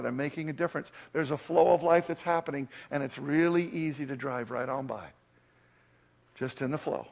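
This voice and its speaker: A man's voice: fairly high pitch, vocal fry. A male pastor delivering an earnest, urgent sermon and then leading a prayer.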